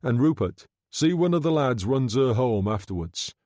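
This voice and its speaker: A man voicing a smooth-talking gangster undertaker who speaks low, soft and quietly threatening, in an audiobook reading. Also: lively intonation, normal speed, no room sound, clean studio sound, close to an everyday voice. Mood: menacing.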